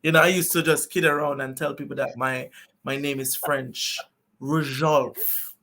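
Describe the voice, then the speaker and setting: A man with a Jamaican accent, chatting as a guest in an interview, animated and laughing often. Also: a little high, moderate pace. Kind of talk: casual interview chat.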